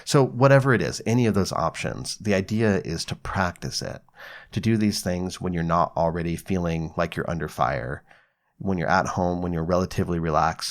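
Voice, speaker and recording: A man hosting a psychology podcast, giving relaxed, conversational advice with casual swearing and acted-out examples. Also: deep voice, normal speed.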